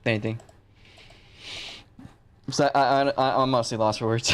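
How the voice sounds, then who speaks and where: A man's voice: medium pitch, steady tone, normal speed. A man hosting a racing stream who interviews drivers in a joking, offhand way. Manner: joking, offhand, loose questions. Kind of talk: casual live-stream interview.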